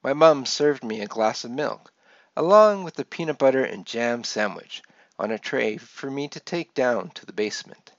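A man reading aloud from his own memoir, gently telling a childhood story and brightening his tone for the people he quotes. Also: medium pitch, expressive, moderate pace, no room sound. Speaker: author reading his book. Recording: dull lo-fi dry recording.

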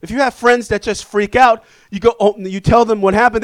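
A man with a fairly high voice preaches a sermon, telling a lively, self-deprecating story to his congregation. The sound is close and dry, with little room echo. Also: fairly quick. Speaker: pastor. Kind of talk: sermon with humorous personal story.

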